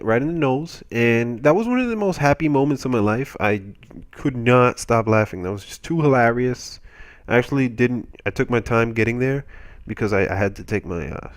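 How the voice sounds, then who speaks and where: A young man commentating over gameplay, telling a rambling, self-mocking comic story with playful exaggeration. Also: medium pitch.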